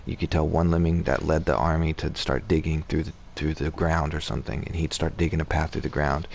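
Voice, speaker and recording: A man's voice: extremely low pitch, flat delivery, a little fast, vocal fry, a little mellow, a little hiss or hum. A man streaming a game, chatting casually and rambling, with swearing and restarts. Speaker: gaming streamer. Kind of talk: casual gaming chat.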